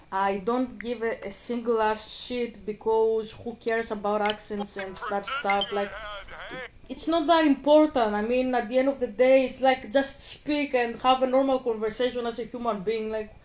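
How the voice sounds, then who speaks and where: A woman's voice: on the high side, fairly even intonation, moderate pace, a little mellow, slight background noise, rough recording. Frank, rambling woman. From Greece. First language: Greek. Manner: rambling, frank, swears casually. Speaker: gaming vlogger. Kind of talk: casual chat while playing a video game.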